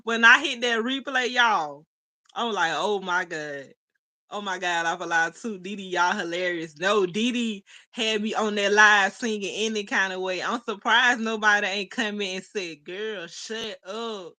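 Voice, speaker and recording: Chatty young woman livestreaming, bright voice. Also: mid-range voice, moderate pace. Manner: chatty, laughs often, talks to chat as y'all. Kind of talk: casual livestream chat, reading comments.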